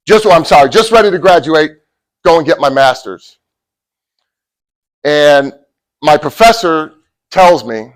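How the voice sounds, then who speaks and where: A middle-aged man giving a motivational talk to college athletes, telling a personal story and swinging from loud bursts to hushed asides. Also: a little high, poor audio. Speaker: motivational speaker.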